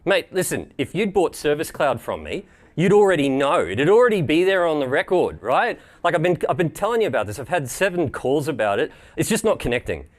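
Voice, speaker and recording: A man's voice: fairly high pitch, sing-song, moderate pace. An Australian man playing an irate phone customer who is exasperated, repeats himself and keeps calling the agent "mate". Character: irate male phone customer, impatient and fed up.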